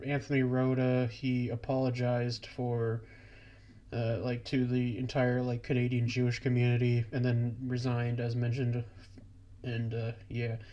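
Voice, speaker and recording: A man co-hosting a podcast in casual chat, rambling with halting restarts and laughing between phrases. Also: medium pitch, completely flat delivery, warm tone, lo-fi sound. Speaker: podcast co-host.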